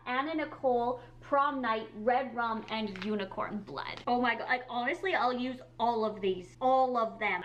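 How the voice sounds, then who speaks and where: A young woman in her twenties excitedly unboxing and trying on makeup at home, gushing and peppering her talk with "like" and "oh my God.". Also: high-pitched. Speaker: beauty vlogger. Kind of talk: casual product unboxing. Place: indoor room with colored backdrop.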